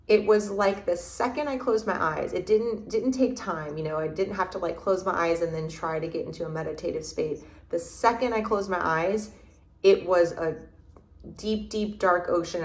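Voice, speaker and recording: A woman with a lowish voice recounts a personal experience as an interview guest. She halts and restarts often while searching for words. The room around her sounds echoey. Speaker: podcast guest. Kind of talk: reflective interview storytelling. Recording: roomy echo.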